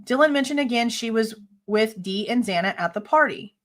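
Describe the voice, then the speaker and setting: A woman's voice: on the high side, expressive, a little fast. Blunt, skeptical true crime host woman. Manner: blunt, exasperated, sharply skeptical; casual swearing. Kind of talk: live commentary reading and reacting to a police report.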